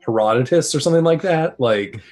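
A man's voice: a little high, animated, a little fast, a little mellow, soft background music. A man playing in a tabletop game, playful and thinking aloud with restarts. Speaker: player. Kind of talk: casual tabletop game chat.

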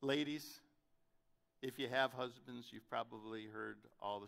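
Bright-voiced pastor preaching with drama. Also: male voice, steady tone, moderate pace, gravelly. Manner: dramatic, swings from loud questions to soft low delivery. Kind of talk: sermon.

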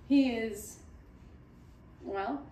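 Handling a puppy, a woman who breeds dogs gives casual commentary on its temperament test and coos to it in baby talk. Her voice is high and a little mellow, picked up from a distance in an echoey room with a bit of background noise.

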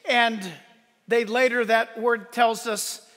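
A male pastor preaching a sunrise service sermon, animated and shouting at the high points, with joking asides. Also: takes it slowly, long reverb tail.

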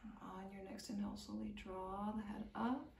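A young woman leads a yoga class at an even, middle pitch, guiding each breath and stretch in a calm, soothing voice. She is recorded from a little way off the mic, and the room gives her voice a clear echo. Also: moderate pace, a little hiss or hum. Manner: calm, gentle, soothing guidance with light laughs. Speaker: yoga teacher. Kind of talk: guided yoga instruction. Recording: echoey room, mic at a distance.

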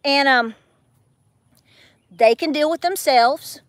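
A woman's voice: high voice, takes it slowly, no echo, clean studio sound. A woman telling a story to her viewers in a chatty way, acting out quotes with big swings in her voice. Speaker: homestead vlogger.

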